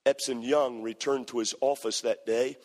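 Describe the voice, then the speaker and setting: A man preaching a sermon, telling a story with impassioned, repetitive phrasing that builds to near-shouted climaxes. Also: medium pitch, fairly even intonation, moderate pace. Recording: long hall reverb.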